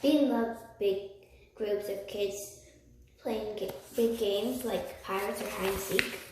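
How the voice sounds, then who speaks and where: A woman reading a children's book aloud, slowly, with slips and restarts. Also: medium pitch, steady tone. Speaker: reader. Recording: echoey room, far from mic, faint noise.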